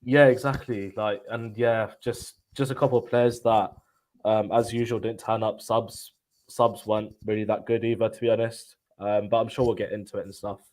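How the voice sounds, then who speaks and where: A man's voice: lowish voice, little pitch movement, normal speed, a little mellow, rough recording. Frustrated man, casual guest chat. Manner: frustrated, casual, lots of fillers. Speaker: guest on a live stream.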